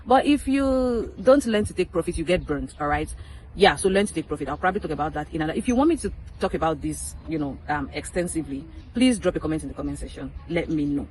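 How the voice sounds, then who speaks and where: A woman's voice: sits low, lively intonation, quick pace, a little mellow, slight background noise, low-quality recording. A woman talking casually to her viewers in a vlog, chatty and emphatic, repeating her points and dropping playful asides, in a public place. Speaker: crypto vlogger.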